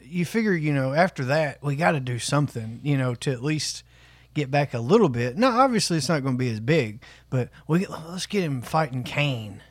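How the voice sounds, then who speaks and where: A man's voice: a little high, lively intonation, moderate pace, no room sound. A man co-hosting a casual podcast chat, rambling and swearing freely. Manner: profane, rambling, laughs often. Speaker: podcast co-host.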